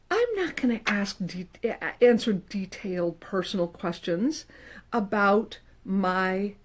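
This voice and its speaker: A middle-aged woman counselor talking casually to the camera, animated and emphatic, with playful quoted asides. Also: a little high. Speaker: licensed professional counselor. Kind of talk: casual advice talk to camera.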